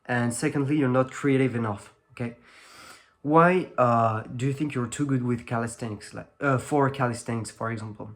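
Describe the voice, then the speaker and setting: A teenage French guy talks to the camera in English with a clear French accent, his voice at an ordinary middle pitch. He rambles loosely, stacking fillers and restarting his sentences as he goes. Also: moderate pace. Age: teens. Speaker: fitness vlogger. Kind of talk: casual talk to camera.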